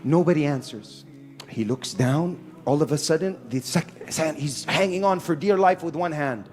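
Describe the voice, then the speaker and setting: A man preaching a lively sermon to a live audience in a hall, mixing Arabic phrases into his English. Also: a little high, moderate pace, soft background music. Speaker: Islamic preacher. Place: hall with a sound system and echo.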